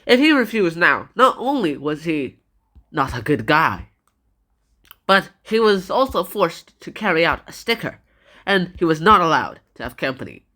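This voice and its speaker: Playful female narrator for a casual book recap; low-ish, animated delivery. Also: moderate pace. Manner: chatty, playful, acts out dialogue. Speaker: book summarizer. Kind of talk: casual spoken book summary.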